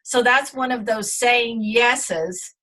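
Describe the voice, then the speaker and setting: A woman's voice: fairly high pitch, takes it slowly, pushed and bright. A middle-aged woman, a guest in an interview, telling her story in an earnest, reflective way with many fillers.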